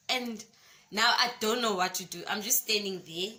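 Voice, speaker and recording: A young woman with a South African accent, telling a personal story to her vlog viewers in an expressive way and calling them guys. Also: medium pitch, measured pace, a little hiss or hum. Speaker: YouTuber.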